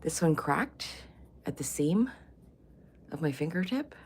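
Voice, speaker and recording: A woman's voice: deep voice, animated, unhurried, a little mellow, a little hiss or hum. A woman, likely in her forties or older, hosting a casual morning livestream, crude and giggly, chatting to viewers and often dropping into whispers. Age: 40s or older. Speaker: vlogger host.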